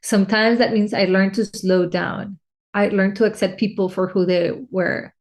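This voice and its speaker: A woman's voice: mid-range voice, steady tone, normal speed. A woman life coach talking about personal needs and connection in a solo podcast, heartfelt and emotional, often restarting phrases. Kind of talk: reflective solo podcast talk.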